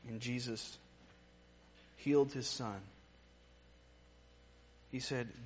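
Earnest preacher man, hushed to emphatic. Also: mid-range voice, a little slow, long pauses, breathy edge, highs cut off. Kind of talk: sermon.

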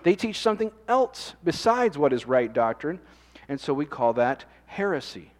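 A man's voice: a little high, sing-song, normal speed, in a large hall. A man preaching a sermon in a conversational way, often asking the congregation questions. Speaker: pastor.

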